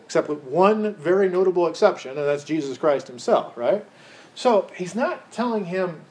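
A man's voice: high-pitched, expressive, moderate pace, a little mellow. A man teaching a Bible study in a chatty, conversational way, asking his group questions as he goes. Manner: chatty, asks the group questions, many restarts. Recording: roomy echo, faint background hiss.

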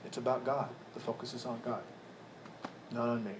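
A pastor preaches to a live congregation, throwing questions out to the room and repeating words as he restarts phrases. His voice is medium-pitched and flat, at a normal speed, with background noise behind him.

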